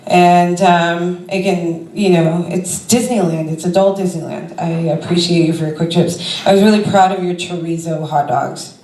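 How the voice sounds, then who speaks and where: A woman does a stand-up set to a club crowd in a low-leaning, slightly mellow voice, speaking at a moderate pace with few pauses and fairly even intonation. Her delivery is rambling and chatty, full of fillers, captured from a distance with roomy club acoustics.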